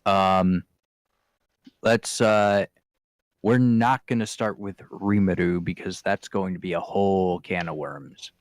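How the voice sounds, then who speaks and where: A man with a fairly low voice hosts a casual podcast chat. He speaks haltingly, pausing to search for his words. The sound is dry and close. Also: fairly even intonation, no echo.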